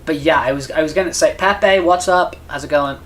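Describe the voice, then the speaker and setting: A man's voice: a little high, brisk, a bit bright, a little hiss or hum. Stammering, rambling male streamer. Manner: rambling, stammering, repeats words; chats with viewers between game moments. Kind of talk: casual live-stream chat.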